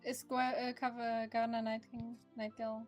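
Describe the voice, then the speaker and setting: A woman playing a tabletop game who speaks hesitantly, with halting starts. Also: fairly high pitch, little pitch movement, faint music behind. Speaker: player.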